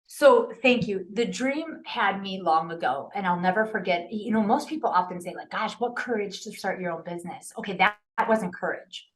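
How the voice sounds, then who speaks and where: A woman's voice: medium pitch, normal speed, few pauses. A middle-aged woman telling a personal story in a casual interview, earnest and emotional, often restarting her sentences. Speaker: podcast guest.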